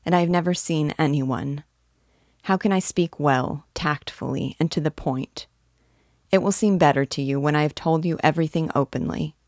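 A woman's voice: low-pitched, a little mellow, no room sound, studio quality. Woman reading as a shy lonely young dreamer. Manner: earnest, pleading.

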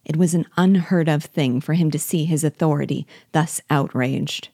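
A woman reads a classic novel aloud at a slow, measured pace. Her voice is low and warm, and the recording is close and dry with no room sound. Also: dry recording. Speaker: reader and teacher.

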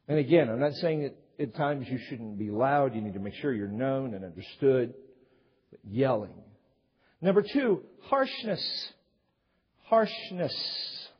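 Man, pastor, sermon, husky voice, lively pitch, dull lo-fi sound. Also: moderate pace. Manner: animated storyteller, acts out yelling quotes. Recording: dull sound with long hall reverb.

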